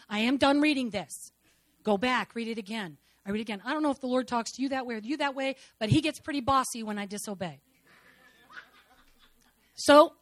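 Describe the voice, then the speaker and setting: Woman, 50s, high voice, dry sound; dramatic church testimony, soft to loud. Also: no echo. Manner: dramatic storytelling, swinging between soft and loud. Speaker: speaker giving testimony.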